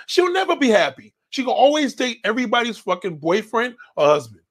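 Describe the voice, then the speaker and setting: A man's voice: sits high, wildly swooping pitch, a little fast, gravelly, hardly any pauses, a bit bright. A man hosting a show, reading viewer comments and answering them in a blunt, confrontational rant full of swearing. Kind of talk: profane ranting commentary.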